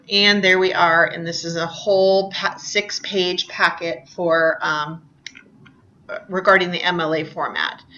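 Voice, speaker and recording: A woman with a bright, somewhat low voice gives a recorded English lecture from her computer. She talks in a loose, chatty way, filling pauses with ums and apologizing to her students as she goes. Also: dull audio. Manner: chatty, self-deprecating, many ums. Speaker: English teacher.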